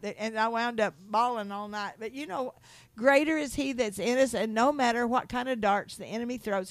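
A middle-aged woman, telling stories in a sermon, rambling and restarting, climbing high when she preaches about God. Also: creaky, no room sound. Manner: rambling, repeats words and restarts, laughs between stories. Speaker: speaker giving a testimony talk. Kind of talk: sermon-style storytelling.

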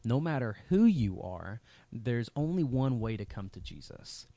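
A male pastor in his thirties delivers a sermon in an easygoing, conversational way, often stopping to restart a thought. His voice sits at an ordinary middle pitch. The recording is dry, with no room echo. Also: sing-song, measured pace, warm tone. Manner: conversational, many fillers and restarts.

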